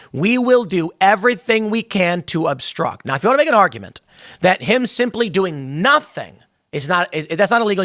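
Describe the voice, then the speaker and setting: Male pundit, high and bright, dry close sound, pushy delivery that trips over itself. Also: no echo. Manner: emphatic, stumbles and repeats words, acts out quotes. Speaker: political commentator. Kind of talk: opinionated political commentary.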